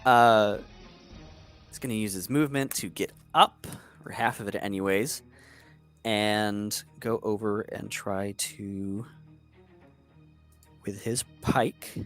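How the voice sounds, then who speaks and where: A game master narrating combat in a tabletop game, chatty and quick to laugh between rolls. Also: medium pitch, steady tone, a bit bright, soft background music. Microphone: streaming mic.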